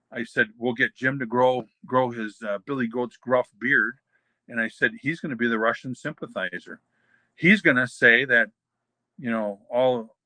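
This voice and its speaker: Older guy spinning long stories, bright voice, dry close sound, keeps doing the other people's lines. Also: medium pitch, no echo. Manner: rambling anecdotes, acting out quoted dialogue. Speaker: interview guest. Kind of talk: storytelling shoot interview.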